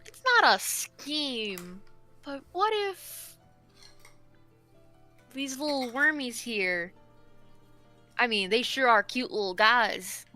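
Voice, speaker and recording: A woman's voice: a little high, lively intonation, slow pace, pauses often, sharp tone, faint music behind, heavily acted. A woman voicing an anxious, overworked young male shop owner, speaking earnestly and persuasively.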